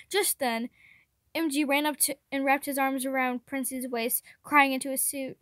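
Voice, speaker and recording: A woman reading a fan fiction chapter aloud, steady with occasional stumbles over words. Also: high-pitched, normal speed, no echo, studio quality. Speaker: reader.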